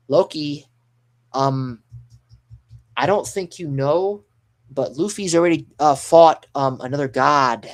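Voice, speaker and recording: Excitable man rambling through a reaction stream. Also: on the high side, measured pace. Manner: excitable, rambling, mild swearing. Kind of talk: live reaction commentary.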